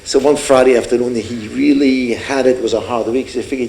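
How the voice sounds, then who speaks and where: A man in his sixties telling a heartfelt story at a fundraiser, earnest and warm, often acting out the people in his story. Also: medium pitch, steady tone, brisk, vocal fry, hardly any pauses. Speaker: speaker at a fundraiser. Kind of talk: emotional storytelling speech. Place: event hall. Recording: echoey hall with faint room noise.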